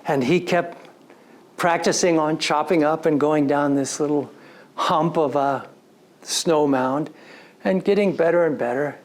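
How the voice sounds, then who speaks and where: A man giving a storytelling lecture to an audience, recounting a personal story in an animated way and slipping into quoted dialogue. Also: on the high side, unhurried. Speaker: story coach.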